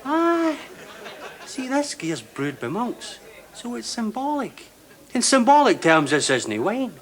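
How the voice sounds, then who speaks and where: A man's voice: very high-pitched, huge pitch swings, slow pace, a bit bright, some chatter behind, exaggerated voice. An actor playing a wry, teasing Glaswegian barman in a scripted sitcom. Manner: dry, teasing. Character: wry young barman, sarcastic.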